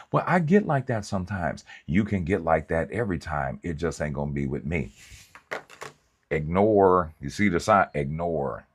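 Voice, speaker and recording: A male pastor preaching through comic, conversational storytelling in a colloquial, animated way. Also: low voice.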